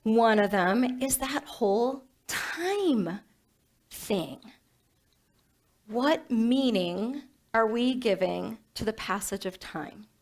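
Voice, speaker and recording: A woman's voice: fairly high pitch, slow pace. Playful woman minister giving a sermon. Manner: animated, playful, self-mocking humor.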